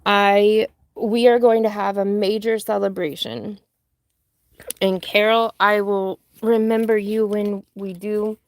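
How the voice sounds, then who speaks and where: Woman host, relaxed crafting chat, unhurried and rambling, slightly out of breath. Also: medium pitch. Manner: chatty, rambling, with many ums. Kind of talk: casual live chat while crafting.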